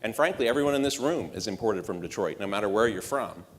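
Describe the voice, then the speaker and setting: Male marketing exec, on stage, sells the keynote with rhetorical punch and dry wit, deeper voice carried by long hall reverb. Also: expressive, fast, slight background noise. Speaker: marketing executive giving a conference talk. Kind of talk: conference keynote speech.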